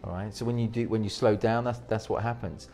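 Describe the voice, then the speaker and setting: A man coaching on presentations in an interview, with a fairly low voice. He speaks with energy and often restarts his sentences to rephrase them. Faint music plays underneath. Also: fairly even intonation, brisk, darkish tone. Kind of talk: interview advice.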